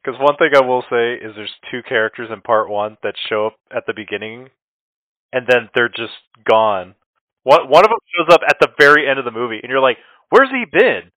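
A man's voice: mid-range voice, brisk, pushed and bright, dry recording. A man co-hosting a casual podcast chat, talking expressively and quoting his own reactions. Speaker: podcast co-host. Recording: dry, dull lo-fi sound.

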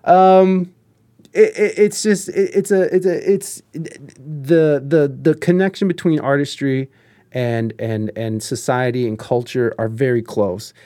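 A man's voice: on the high side, fairly even intonation, measured pace, warm tone. A man from the United States in casual conversation, giving his views at length in a rambling way and swearing casually. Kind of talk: casual chat.

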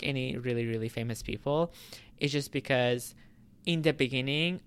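A man vlogging straight to his audience, his voice smooth and clear at a middling pitch. He rambles in a relaxed way, circling back with fillers and restarted phrases as he thinks aloud. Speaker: YouTuber. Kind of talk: casual vlog talk to camera.

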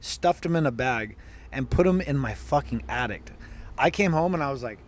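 A man co-hosting a podcast, telling an animated story in casual chat with lots of swearing. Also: medium pitch, normal speed, slight background noise. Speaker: podcast co-host.

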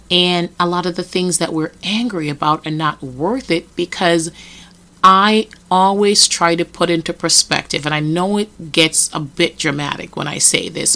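A woman's voice: lowish voice, a bit bright. A middle-aged woman from Jamaica hosting a reflective solo podcast, talking earnestly with many "you know" and "right?" asides. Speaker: podcast host.

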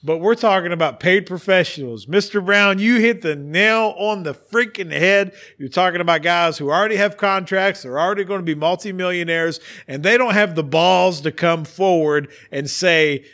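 A man hosting a casual sports podcast, ranting with animated, theatrical emphasis. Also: high-pitched, moderate pace, hardly any pauses. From West Virginia. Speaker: podcast host.

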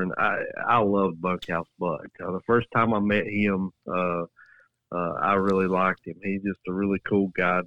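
A man co-hosting a casual podcast, speaking haltingly with many uh fillers. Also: low voice, no echo, lo-fi sound. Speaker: podcast co-host.

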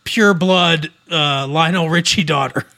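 A man's voice: on the high side, a little slow, creaky, bright, forceful tone. A man co-hosting a casual podcast, reading celebrity news aloud with wry asides and frequent laughs. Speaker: podcast co-host.

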